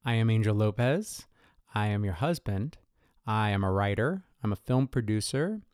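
A man's voice: on the low side, animated, normal speed, darkish tone, clean tone, no room sound. A man co-hosting a podcast in casual chat, playful with a dry humor. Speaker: podcast co-host.

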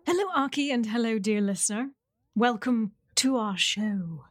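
A woman's voice: on the high side, moderate pace, faint music behind. A woman co-hosting a podcast, chatting casually in a teasing, giggly way. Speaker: podcast co-host.

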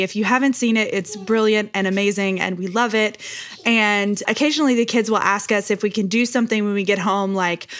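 A woman's voice: medium pitch, a bit bright. A woman in her thirties, a pastor who hosts a podcast, chatting casually and laughing often with playful asides. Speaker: podcast host.

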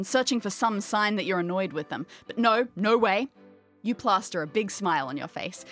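A woman narrating a tabletop game as game master in the second person, lively and wry. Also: on the high side.

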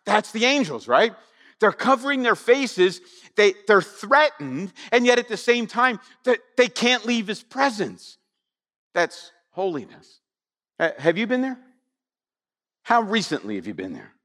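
Male pastor, high and lively voice, chatty sermon style, long hall reverb. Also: unhurried. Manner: animated, conversational, frequent rhetorical questions.

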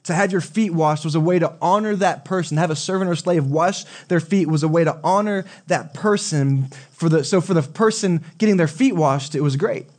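A male pastor preaching a sermon in a relaxed, conversational way, often asking the congregation questions. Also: fairly high pitch, normal speed, few pauses. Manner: conversational, asks the audience questions.

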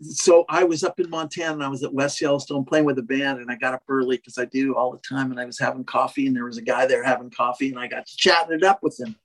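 A man's voice: medium pitch, fairly even intonation, fast talker, hardly any pauses, a bit bright. A man who trains horses, telling a long personal story in a rambling way, full of restarts and "you know". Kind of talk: casual storytelling in conversation.

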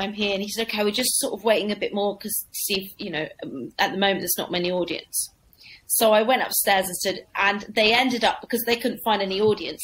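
A woman's voice: mid-range voice, slight background noise, poor audio. A woman comedian telling an anecdote in a casual interview, acting out the people she describes. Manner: lively storyteller acting out voices. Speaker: comedian guest.

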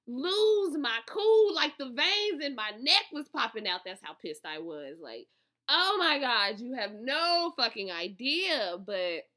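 A young woman with a high voice vents to her viewers in a profane, animated storytime. Her tone is very bright and cutting. She swings between loud outbursts and low, calmer stretches. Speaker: vlogger, author promoting an ebook. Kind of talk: casual storytime rant to viewers.

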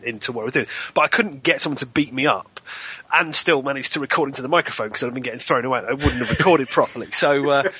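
A man's voice: medium pitch, pushed and bright, slightly rough, no echo, dull audio. A man in his thirties chatting casually about his voice work, self-deprecating and repeating words as he starts sentences. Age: 30s. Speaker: voice actor guest. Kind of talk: casual podcast chat.

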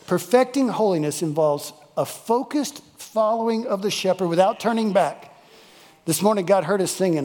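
A man's voice: high voice, lively intonation, normal speed, a little mellow, long reverb tail. A male pastor, preaching a folksy, emphatic sermon and repeating key phrases for weight. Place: church worship service.

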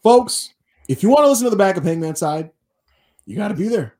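A man co-hosting a wrestling podcast in casual chat, telling stories animatedly and doing quick voices for the people he quotes. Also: high voice, big pitch swings, darkish tone. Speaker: podcast co-host.

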